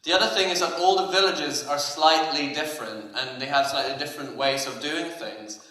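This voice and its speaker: A man giving a relaxed conference talk, pausing often with fillers. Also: a little high. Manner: relaxed, hesitant, many fillers. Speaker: conference speaker. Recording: echoey hall.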